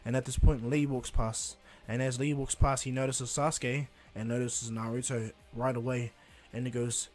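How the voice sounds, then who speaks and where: A man's voice: medium pitch, little pitch movement, moderate pace, hardly any pauses, darkish tone, soft background music. Man casually retelling a fan story. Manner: rambling, with many restarts and "and he goes".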